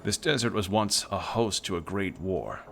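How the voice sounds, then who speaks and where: A man's voice: low voice, normal speed, vocal fry, a bit bright, soft background music. A man reading aloud the solemn warnings of an ancient voice beneath the desert in a game.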